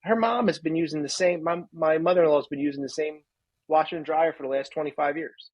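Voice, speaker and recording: Podcast co-host, male, 30s, husky tone, dry close sound, ranting casual delivery. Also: fairly high pitch, fairly even intonation, fast, dry recording, highs cut off. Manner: ranting, laughs at his own jokes. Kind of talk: casual chat.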